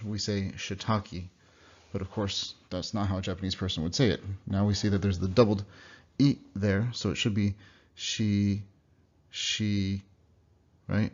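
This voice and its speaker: Low-voiced man teaching pronunciation. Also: darkish tone. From United States. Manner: explanatory, demonstrates words slowly and repeats them. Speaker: language teacher. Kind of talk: recorded slide lecture. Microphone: computer mic. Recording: dull lo-fi computer recording.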